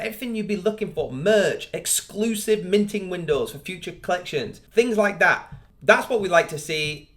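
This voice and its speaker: A man hosting a crypto channel, walking viewers through a project review on screen in an upbeat, hyping way and speaking straight to them. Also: fairly high pitch. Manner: upbeat hype, addresses viewers directly.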